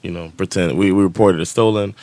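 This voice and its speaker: A man's voice: deep voice, steady tone, fast talker, darkish tone, dry recording. A man, telling a story on a casual podcast, laughing often and acting out the voices of the people in it. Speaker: podcast co-host.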